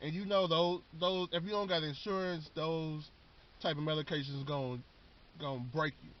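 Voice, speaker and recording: A man's voice: a little high, steady tone, normal speed. A man casually recapping a TV show in a rambling, slangy way, often repeating words. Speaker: vlogger. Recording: dull lo-fi recording.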